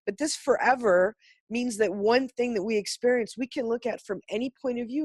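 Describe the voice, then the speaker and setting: A woman's voice: a little high, fairly quick, a little mellow, slightly rough, no echo. A woman giving an impassioned, blunt spiritual talk to a group on a video call, swearing freely and pressing her points hard. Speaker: class participant sharing insights.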